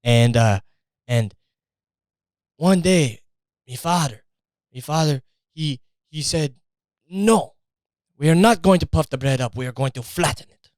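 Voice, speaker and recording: A grandiose Italian man with a thick put-on accent, bragging and waving off doubters, his voice lifted a little higher than usual, as a man puts him on. The sound is smooth and dry, close to the mic. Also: lively intonation, measured pace, pauses often, darkish tone, no room sound. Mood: boastful. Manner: insistent and grandiose, brushes off doubt. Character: boastful Italian man bragging about his family's cooking.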